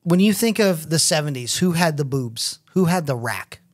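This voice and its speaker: A middle-aged man co-hosting a casual podcast, swearing freely and telling animated stories. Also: on the high side, normal speed. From United States. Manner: crude, swears a lot, animated storyteller. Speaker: podcast co-host. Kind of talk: casual chat.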